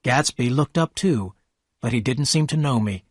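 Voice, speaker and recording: A man reading a story aloud for English learners, in slow, clear, even scripted narration. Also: medium pitch.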